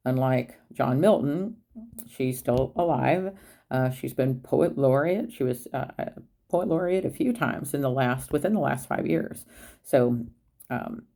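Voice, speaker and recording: Woman teacher, casual lecturing with fillers; dark, gravelly voice. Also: low voice. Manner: relaxed, explanatory, hesitant with fillers. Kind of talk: recorded class lecture.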